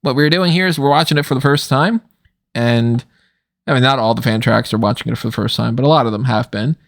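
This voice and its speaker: A man's voice: mid-range voice, fast talker, vocal fry. A man hosting a podcast, talking in a rambling, casual way and laughing often, tired late at night. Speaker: podcast host. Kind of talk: casual commentary chat.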